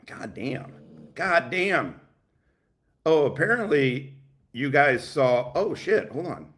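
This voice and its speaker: A man hosting a livestream, reacting to a clip with loud, profane, laughing commentary and shouting out donors. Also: fairly high pitch, takes it slowly. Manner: loud, laughing, swearing, animated. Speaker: livestream host.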